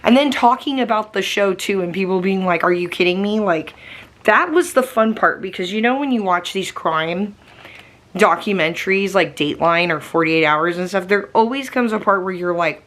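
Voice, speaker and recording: A woman's voice: mid-range voice, normal speed, a bit bright. A woman vlogger chatting casually to camera at home, rambling with lots of fillers while getting over a migraine. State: recovering from a migraine.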